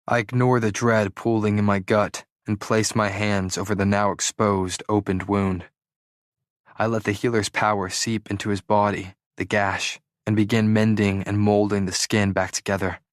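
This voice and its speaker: A man's voice: on the low side, flat delivery, normal speed, no echo, studio quality. A man reading a first-person audiobook chapter in a dramatic, urgent storytelling manner, acting out the dialogue. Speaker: audiobook narrator.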